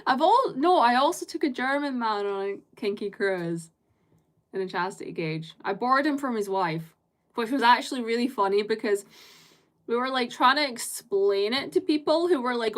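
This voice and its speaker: A woman's voice: a little high, moderate pace. A British woman live-streaming, chatting casually with viewers in a rambling way and laughing often.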